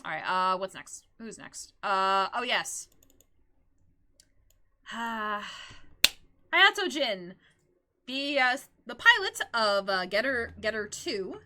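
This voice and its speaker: Her voice a little high, a woman on a live stream rambles excitedly about her favorite characters, giggling and squealing often. She takes it slowly with frequent pauses, and there's a faint hiss or hum.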